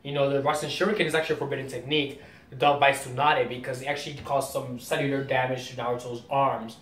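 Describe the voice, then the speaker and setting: A man's voice: little pitch movement, quick pace, a bit bright. A man hosting a casual comic reaction video, rambling and explaining as he goes. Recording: roomy distant mic, faint rumble.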